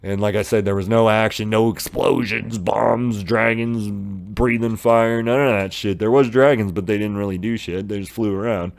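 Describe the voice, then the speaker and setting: A man's voice: fairly low pitch, fairly even intonation, normal speed, vocal fry, hardly any pauses. A man in his thirties giving a loose, profane, filler-heavy review of a TV episode. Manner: loose and profane, many fillers, retells scenes in voices. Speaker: TV show reviewer. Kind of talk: casual rambling episode review.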